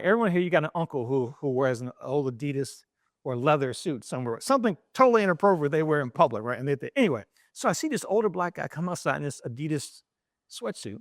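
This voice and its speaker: A middle-aged man from East Baltimore, a journalist telling an animated anecdote in an interview, with frequent restarts. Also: a little high, dry recording, clean studio sound. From East Baltimore, USA.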